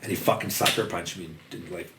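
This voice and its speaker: A man with a very deep voice tells his story in a loose, rambling way, swearing often and leaning on "like." He sits back from the mic in an echoey room with a faint hum of noise behind him. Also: steady tone, a little fast. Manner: rambling, profane, heavy use of "like". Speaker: podcast guest. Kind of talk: candid storytelling about addiction. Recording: roomy, distant mic, faint background noise.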